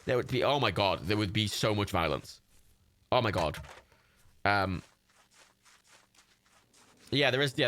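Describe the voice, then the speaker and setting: A man's voice: fairly low pitch, animated, a little slow, pauses often, fairly bright tone, a little hiss or hum. A young man livestreaming, rambling casually with lots of fillers, restarts and laughs while playing a game.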